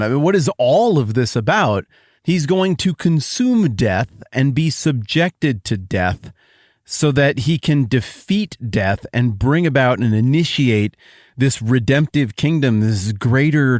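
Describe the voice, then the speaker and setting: A man hosting a Bible podcast, teaching in a joking, animated way that swings from excited to quiet. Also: mid-range voice, no echo, clean studio sound.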